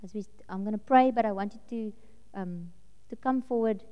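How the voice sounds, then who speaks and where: A woman giving an animated sermon testimony, telling her story with frequent laughter to a congregation in a church hall. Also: medium pitch, normal speed. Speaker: preacher. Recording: long reverb of a large hall.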